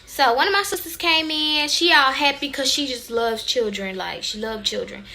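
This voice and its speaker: Chatty young woman, bright voice. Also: sits high, moderate pace, faint music behind. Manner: animated, chatty, addresses viewers as y'all. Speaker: vlogger. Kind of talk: casual storytelling to viewers.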